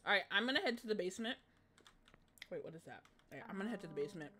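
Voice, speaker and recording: A woman's voice: mid-range voice, lively intonation, racing, background noise. A woman streaming a horror game, jumpy and chatty, shrieking and laughing one moment and thanking her viewers the next.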